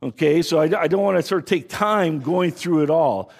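A man with a somewhat high, husky voice gives a relaxed lecture on scripture. He talks conversationally, often checks in with his listeners and restarts his phrases as he thinks aloud. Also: moderate pace. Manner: frequent restarts and repeated words. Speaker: Bible teacher. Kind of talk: casual lecture.

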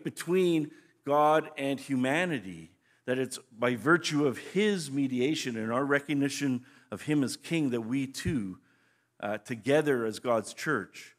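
A man teaching scripture as a pastor in a conversational, explanatory way, often restarting his phrases. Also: medium pitch. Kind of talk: sermon teaching.

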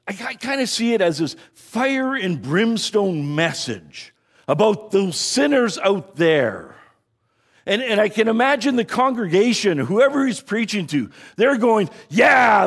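A man with a somewhat high, husky voice gives a relaxed lecture on scripture. He talks conversationally, often checks in with his listeners and restarts his phrases as he thinks aloud. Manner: frequent restarts and repeated words. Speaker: Bible teacher. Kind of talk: casual lecture.

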